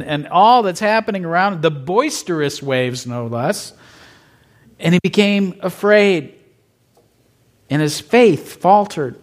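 A middle-aged male pastor giving a conversational sermon in a church, often asking his listeners questions and laughing lightly. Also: a little high.

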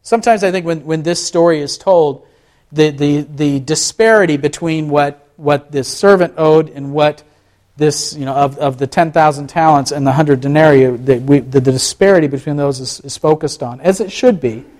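A man's voice: on the high side, moderate pace, darkish tone. A man giving a conversational sermon, asking the listeners rhetorical questions and often restarting his phrases. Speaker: pastor.

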